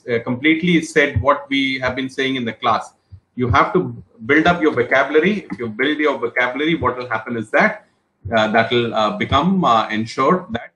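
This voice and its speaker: A man's voice: medium pitch, fairly bright tone. Man teaching vocabulary, echoey room. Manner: repetitive, explains words with example sentences; frequent fillers and restarts, encouraging. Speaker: trainer. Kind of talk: online English vocabulary class.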